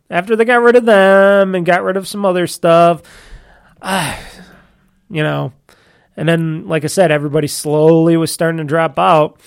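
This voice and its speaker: A man with a rather high voice hosts a casual solo podcast from his home office, talking into a desk mic. He rambles on at length, circling back on himself with plenty of fillers and restarts. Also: gravelly, clear, resonant tone. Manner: rambling, talkative, self-interrupting with fillers. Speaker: podcast host. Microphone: desk microphone.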